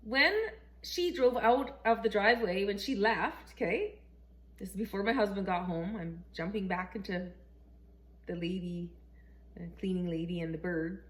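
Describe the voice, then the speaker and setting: A middle-aged Canadian woman telling a story casually in a vlog, chatty and animated, laughing often and acting out the quotes. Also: mid-range voice, moderate pace. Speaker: vlogger.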